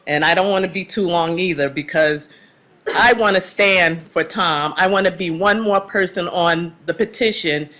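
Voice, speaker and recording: An older woman, a grandmother, speaking emotionally and haltingly during public comment at a town council meeting. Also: on the low side, a bit bright.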